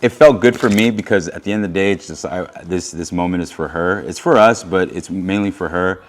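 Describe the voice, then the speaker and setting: A young adult man co-hosting, talking casually in a relaxed, earnest way. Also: low voice, brisk. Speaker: co-host recounting his proposal. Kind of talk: casual chat.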